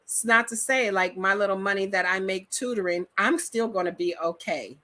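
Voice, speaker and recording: A middle-aged woman from Detroit with an African American Detroit accent, chatting casually to camera in an animated, slangy, storytelling way. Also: medium pitch, moderate pace. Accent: African American Vernacular English, Detroit. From metropolitan Detroit, USA. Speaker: vlogger. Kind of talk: casual reaction chat to camera.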